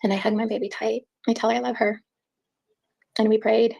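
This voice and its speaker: A woman giving an emotional personal account in an interview, halting and repeating words as she speaks. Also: fairly high pitch, little pitch movement, creaky, dark tone, husky, poor audio.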